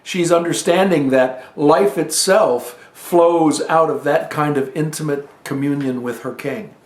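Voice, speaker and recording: A man preaching a teaching sermon, telling a scripture story in an earnest, unhurried way with pauses. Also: fairly high pitch, reverberant.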